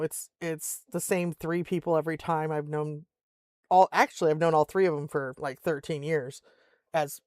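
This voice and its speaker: An older woman chats and tells stories while playing a game, laughing often and slipping into little voices for other people. Her voice has a gravelly edge and sounds close and dry. She rambles comfortably from one tale to the next. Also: sits low, darkish tone, no echo. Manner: chatty storyteller, laughs often, acts out voices. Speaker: streamer. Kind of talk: casual chat while gaming. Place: home in Alaska.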